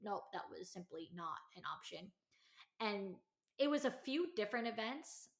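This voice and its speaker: Chatty woman podcast host telling a story. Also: moderate pace. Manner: chatty, heavy use of "like" and "you know"; animated, acts out quotes in a higher voice. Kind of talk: casual storytelling monologue.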